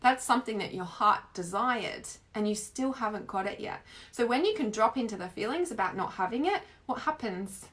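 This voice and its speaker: An Australian woman giving a casual, chatty spiritual teaching talk, expressive and full of filler words. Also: fairly high pitch, moderate pace.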